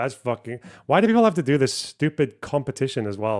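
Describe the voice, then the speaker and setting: Sarcastic streamer, profane. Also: male voice, mid-range voice, expressive, brisk. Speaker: streamer reading donations. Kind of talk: casual livestream chat.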